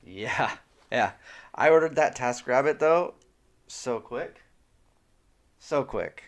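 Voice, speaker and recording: A man's voice: medium pitch, expressive, takes it slowly. A man co-hosting a podcast, telling self-mocking stories in casual, profane chat. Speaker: podcast co-host.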